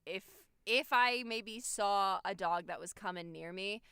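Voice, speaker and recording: A young woman co-hosting a casual podcast, telling stories bluntly and swearing freely. Her voice is bright and smooth. It is recorded close and dry, with no room sound. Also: mid-range voice, measured pace, no echo. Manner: blunt, swears a lot, animated storytelling. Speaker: podcast co-host.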